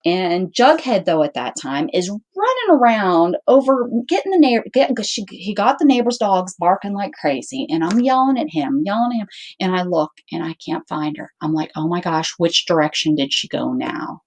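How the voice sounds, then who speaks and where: A woman's voice: on the low side, moderate pace. A woman hosting her own channel, casually telling a story to her viewers, acting out what everyone said and restarting her sentences often. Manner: animated, acts out quoted dialogue; rambling with frequent restarts. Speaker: channel host.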